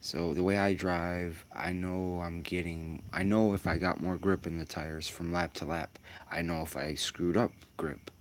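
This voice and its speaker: A man's voice: sits low, steady tone, a little slow, hardly any pauses. A man giving casual, rambling commentary while sim racing, musing aloud with lots of fillers.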